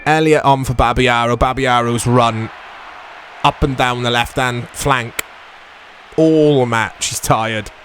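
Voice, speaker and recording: A man giving casual let's-play commentary on a football video game, reacting excitably to the play. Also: mid-range voice, slight background noise. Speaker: gaming YouTuber.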